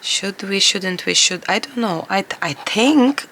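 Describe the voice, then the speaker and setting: Hoarse, gravelly chatty woman. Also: mid-range voice, animated, unhurried, sharp tone, slight background noise. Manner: chatty, rambling, laughs often. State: hoarse, losing her voice. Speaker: collage artist and craft vlogger. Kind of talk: casual crafting chat to camera.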